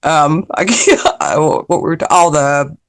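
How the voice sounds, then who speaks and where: A woman's voice: low-pitched, a little slow. Giggly, easily sidetracked woman guest. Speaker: guest on a live-streamed interview show. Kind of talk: casual chat.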